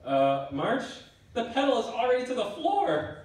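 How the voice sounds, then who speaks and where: A man's voice: very high-pitched, moderate pace. A man, an author, reading his comic aloud at a conference, acting out sound effects. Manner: expressive, acts out sound effects. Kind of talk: animated storybook reading. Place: conference hall. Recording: echoey hall, mic far off.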